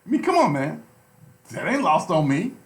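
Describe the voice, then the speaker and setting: A man holds forth on talk radio in an impassioned, preachy way. He hammers points home by repeating phrases. His slightly high voice swings widely in pitch. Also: very animated, moderate pace, reverberant. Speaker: radio show co-host. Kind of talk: heated talk radio discussion.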